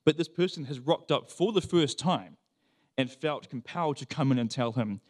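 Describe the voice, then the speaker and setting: A man preaching a sermon, reading scripture and then telling a story in a lively, conversational way, acting out quoted voices. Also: mid-range voice, moderate pace.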